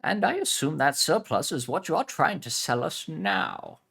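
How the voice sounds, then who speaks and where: A man voicing a playful, scheming middle-aged mother who drags her words out slowly as she bargains. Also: sits high, wildly swooping pitch, gravelly, pitched above the performer's own voice, exaggerated voice. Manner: slow, drawn-out and teasing.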